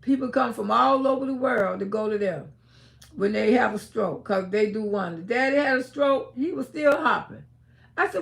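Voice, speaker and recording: A high-voiced woman with a gravelly edge talks straight to her livestream audience. She is emphatic, dropping to a hush one moment and shouting the next. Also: normal speed. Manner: emphatic, swings between hushed and shouting. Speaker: livestream host. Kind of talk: casual storytelling livestream.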